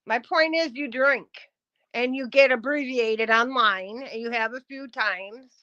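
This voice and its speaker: A woman's voice: a little high, measured pace, pushed and bright, no room sound, lo-fi sound. A woman on a live stream, ranting bluntly and confrontationally at her chat and swearing often. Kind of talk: heated live-stream rant.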